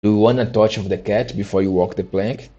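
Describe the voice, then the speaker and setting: A man reading the lines of a menacing, mock-courteous adult male pirate captain in a storybook reading, in a low, dark voice. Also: fairly even intonation, a little fast, highs cut off, lightly acted. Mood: threatening. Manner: steely, mock-courteous threats.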